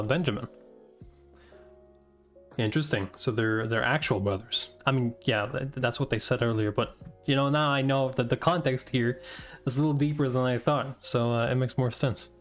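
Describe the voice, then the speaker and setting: A man casually reading a comic aloud and reacting, thinking out loud with many fillers and breaking into surprised swearing. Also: medium pitch. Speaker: host reading manga aloud.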